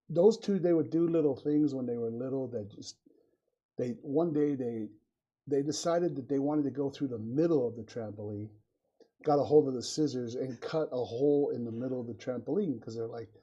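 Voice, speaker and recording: A man's voice: mid-range voice, warm tone, husky. A middle-aged father of four, reflective and affirming, in casual podcast conversation. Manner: affirming, reflective, says "right" often. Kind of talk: casual chat. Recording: dull lo-fi sound.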